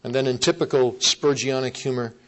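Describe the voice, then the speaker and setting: A man preaching a sermon, earnest and emphatic, repeating key phrases and slowing down to stress them. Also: medium pitch, steady tone, a bit bright, rough recording.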